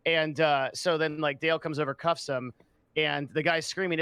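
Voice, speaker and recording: A man's voice: a little high, steady tone, normal speed, a bit bright, clean tone, no echo. A man from the San Diego area telling a story in casual chat, swearing often and filling gaps with "like" and "um". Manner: swearing storyteller, many fillers. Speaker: podcast guest.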